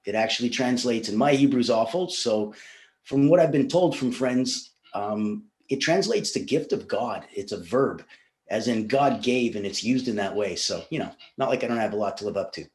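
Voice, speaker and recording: A chatty man tells stories at an easy, mid-pitched register and laughs often. His voice rings in a roomy, echoing space. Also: expressive, normal speed, darkish tone. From Russia, raised in Canada. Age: 40s. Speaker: podcast guest. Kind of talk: casual interview chat. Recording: roomy echo.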